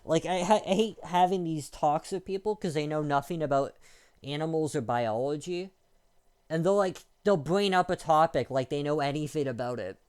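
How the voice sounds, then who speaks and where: Young man with a mellow, smooth voice ranting. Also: fairly high pitch, moderate pace. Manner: irritated, rambling, crude, with frequent restarts and filler. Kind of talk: casual ranting monologue.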